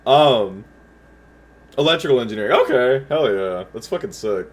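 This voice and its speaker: A man's voice: mid-range voice, lively intonation, normal speed. A young man livestreaming from home, telling a rambling story to his chat with stuttered restarts and lots of swearing. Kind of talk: casual storytelling while chatting with viewers.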